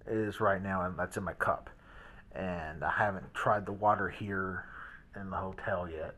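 A man's voice: low-pitched, steady tone, normal speed, sharp tone. A young man casually rambling through a story in a hotel room, full of restarts and fillers. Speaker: vlogger.

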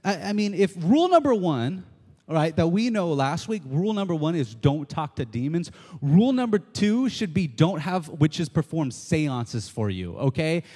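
A man preaching a casual, excitable sermon, often checking in with his listeners. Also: a little high, moderate pace, in a large hall. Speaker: pastor. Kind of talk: conversational sermon.

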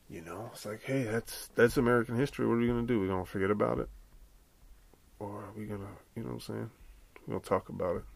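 A man's voice: lowish voice, vocal fry, no room sound. A man hosting a podcast on his own, talking in a loose, rambling way and swearing freely. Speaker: podcast host. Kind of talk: casual solo podcast chat.

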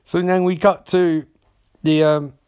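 A man's voice: a little high, flat delivery, darkish tone, clean tone. Man doing a sweary, jokey movie recap. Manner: swearing, acts out characters' lines in quick voices. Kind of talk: casual comedic movie recap.

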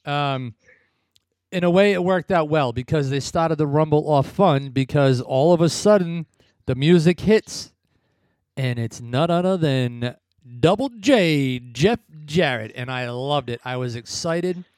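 A man's voice: fairly high pitch, expressive, a little slow, a little mellow, no echo, studio quality. A man co-hosting a casual wrestling chat, rambling and blunt, often laughing at his own remarks. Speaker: podcast co-host.

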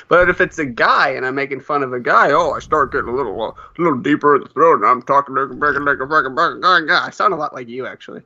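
Loud laughing man, lo-fi. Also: mid-range voice, quick pace. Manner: loud, laughing, puts on silly voices. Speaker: podcast co-host. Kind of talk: crude comedy banter. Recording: dull lo-fi sound.

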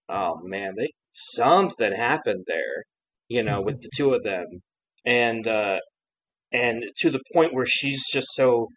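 A man co-hosting a casual discussion podcast, chatty and animated, often laughing and quoting lines. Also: lowish voice, rough recording. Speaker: podcast co-host.

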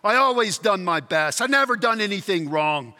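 Man doing a boastful, indignant male ghost, high and sharp, long hall reverb. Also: expressive, normal speed, heavily acted. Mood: aggrieved. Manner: indignant, argumentative, sulky. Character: blustering, self-righteous male ghost of a working man.

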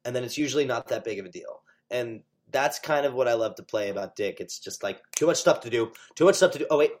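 A man, a stage actor, chatting as an interview guest, animated and full of fillers. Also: medium pitch, fast talker. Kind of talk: casual interview chat.

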